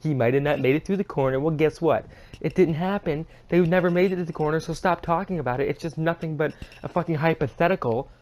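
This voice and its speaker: A woman's voice: fast, darkish tone. A woman co-hosting a casual racing podcast, sarcastic and profane as she rants. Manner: sarcastic, profane, swinging from high to low. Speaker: podcast co-host. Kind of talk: casual sports podcast rant.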